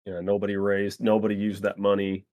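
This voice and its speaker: Male co-host, low voice, dry sound, quick profane interjections. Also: completely flat delivery, mellow, no room sound. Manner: chiming in with short profane agreements and added details. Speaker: podcast co-host. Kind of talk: casual chat.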